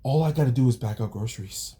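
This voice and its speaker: A young man venting angrily on a vlog, yelling and swearing about his job. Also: mid-range voice, quick pace. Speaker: vlogger. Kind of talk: angry rant vlog.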